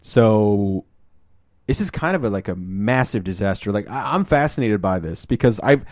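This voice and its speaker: Podcast host, male, lowish pitch, rambling storyteller who acts out quotes, dry close sound. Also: animated, moderate pace, darkish tone, dry recording. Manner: rambling retelling, acts out quotes in shifting voices. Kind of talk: casual chat.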